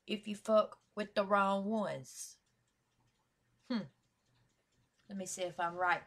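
A woman hosting a reaction video, talking at an unhurried, drawn-out pace in mid-range pitch. She chats in loose slang, swears freely and fires off shout-outs with hype. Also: steady tone. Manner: slangy, hyped, profane, lots of shout-outs. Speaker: YouTube reaction host. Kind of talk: casual reaction vlog chat.

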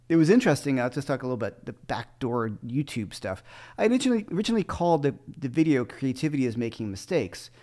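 A man's voice: mid-range voice, a little mellow. A man who teaches guitar, chatting casually on a livestream with loose, rambling asides.

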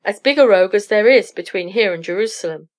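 A woman voicing a rakish, nervous male poet rogue in a read-aloud story, her voice a little higher and louder on his lines. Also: lively intonation, fast, lightly acted. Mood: relieved.

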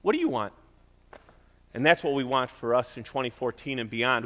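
There's a big-room sound to this sermon from a middle-aged man in church. His voice sits a little high and a bit bright, and he keeps a conversational tone while repeating himself for emphasis.

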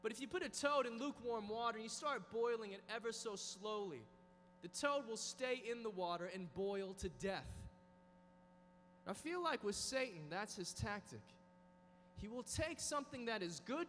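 A man's voice: high voice, a little hiss or hum. A man giving a dynamic sermon to a youth conference, acting out inner voices. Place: large conference hall. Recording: reverberant hall with soft music.

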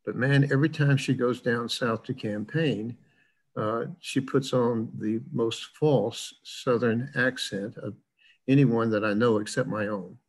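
A man's voice: medium pitch, steady tone, a little slow, poor audio. An older man from the American South with a plain Midwestern-sounding accent, lecturing in an online class in a chatty, rambling way with lots of fillers.

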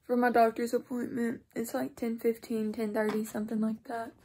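A teenage girl with a drawl talks to her camera at home, sounding worn out from too little sleep. Her voice sits a little high and a little husky, and she rambles along casually, tossing in quick apologies. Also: little pitch movement, dark tone. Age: teens. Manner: chatty, rambling, apologetic asides. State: sleep-deprived and tired. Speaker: vlogger. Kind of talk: casual vlog talk to camera.

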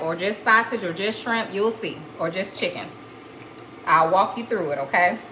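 A woman's voice: mid-range voice, sharp tone, a little hiss or hum, poor audio. A woman hosting a live cooking demonstration in her kitchen, chatty and folksy, calling viewers honey and y'all. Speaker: cooking show host. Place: home kitchen.

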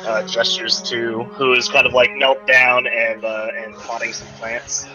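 A man's voice: mid-range voice, level tone, measured pace, pushed and bright. A man narrating as game master for a tabletop game, rambling with many fillers. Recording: dull lo-fi recording, faint music.

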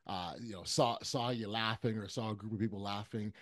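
A man's voice: fairly low pitch, steady tone, brisk, fairly bright tone, no room sound. Guy hosting a podcast, super affirming, trips on words a bit, dry mic. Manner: enthusiastic, repeats affirmations, stumbles on words. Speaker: podcast host. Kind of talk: casual interview chat.

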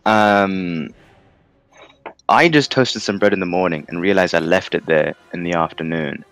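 A London man casts a game tournament in a low, gravelly, slightly bright voice at a measured pace. His casual commentary is rambling and jokey, and he laughs a lot.

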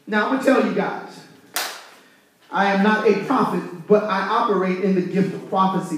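A man preaching a fired-up sermon as pastor, talking with his congregation and asking them questions. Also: high-pitched. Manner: fired-up, conversational preaching with call-and-response. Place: church sanctuary. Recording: echoey room, from far off.

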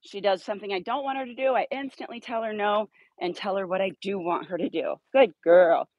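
A woman's voice: mid-range voice, fairly quick, dry recording, highs cut off. A woman dog trainer explaining outdoor leash training in a direct, blunt way, working with a puppy in a yard. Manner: direct, blunt coaching with upbeat praise to dogs.

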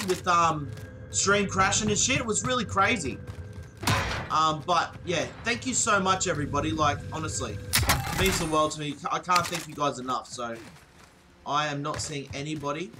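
A young Australian man live-streaming a shooter game, excitable, swearing and thanking viewers again and again. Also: high-pitched. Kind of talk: live-streamed gameplay chat. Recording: noisy game stream with clicks.

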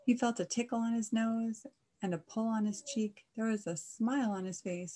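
A woman reading a rhyming children's story aloud, in a gentle and expressive way. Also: a little high, moderate pace.

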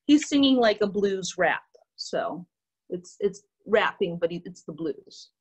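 A young woman with a Midwestern American accent, an art teacher reading a picture book aloud to young children on a video call, animated and encouraging. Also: mid-range voice, measured pace, breathy edge, poor audio. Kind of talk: children's storytime read-aloud.

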